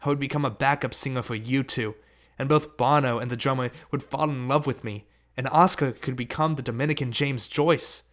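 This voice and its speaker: A man reading an audiobook, narrating a story in steady first person. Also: mid-range voice, a little fast. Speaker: audiobook reader.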